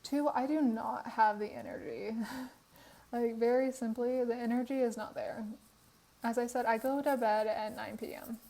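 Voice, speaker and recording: In a casual voiceover about a game build, a tired young Sims speed build creator laughs often, her worn voice high-leaning and mellow, with fairly even intonation at a normal speed. She recorded it on her phone in her apartment room, and the quality is low.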